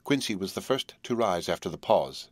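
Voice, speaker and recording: Audiobook narrator, male, measured and solemn, low voice, dry close sound. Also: expressive, dry recording. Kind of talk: scripted narration.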